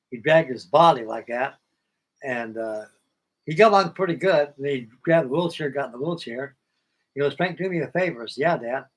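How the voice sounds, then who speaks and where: A man's voice: a little high, poor audio. An older man, host of a model-building livestream, telling a long personal story in a folksy, plainspoken way and acting out old conversations.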